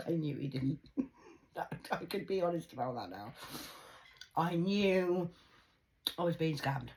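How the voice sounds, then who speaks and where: Intense woman, lively delivery. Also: low voice, measured pace, pauses often, poor audio. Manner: intense, emphatic, swings between loud outbursts and hushed asides; confiding, addresses viewers directly. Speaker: vlogger. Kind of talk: emotional personal monologue to camera.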